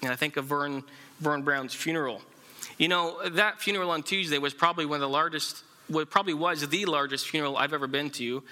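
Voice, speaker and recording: A married man preaching a sermon, telling an illustrative story in a halting way with many fillers and restarts. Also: fairly high pitch, bright, forceful tone. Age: adult, married. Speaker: pastor.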